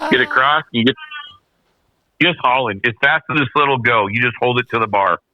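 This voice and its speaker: A man, a podcast guest, telling a racing story in casual, animated, slangy chat, often repeating himself. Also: medium pitch, normal speed, no room sound. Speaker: podcast guest, snowmobile racer. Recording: dull dry podcast audio.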